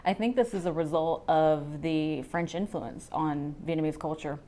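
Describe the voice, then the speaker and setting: A woman guest chatting casually and warmly about food she loves. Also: deep voice, normal speed. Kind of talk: casual chat.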